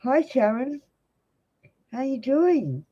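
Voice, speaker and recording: A woman's voice: high-pitched, big pitch swings, takes it slowly, mellow, highs cut off. A young Australian woman reading tarot live for viewers, giving blunt, direct advice. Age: young adult. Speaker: tarot reader.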